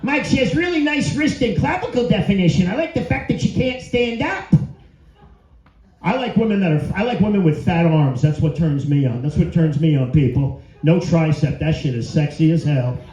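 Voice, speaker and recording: A man's voice: on the high side, lively intonation, a little fast, hardly any pauses, dark tone. A middle-aged man doing a crude, brash stand-up set with crowd work in a comedy venue. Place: comedy venue before a live audience. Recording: roomy, dull live club recording.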